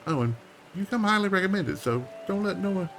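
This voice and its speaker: A man's voice: sits high, animated, fairly quick, fairly bright tone, slight background noise, pitched above the performer's own voice, rough recording. A man voicing a frontier woman who wrangles on a ranch, reading her game dialogue aloud in a put-on old west drawl with a homespun, chatty manner. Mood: folksy.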